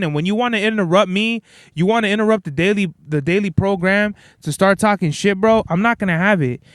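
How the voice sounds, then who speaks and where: A young man hosting a podcast, telling stories in a blunt, profane, animated rant. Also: sits high, smooth, no echo, studio quality. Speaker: podcast host. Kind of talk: casual ranting monologue.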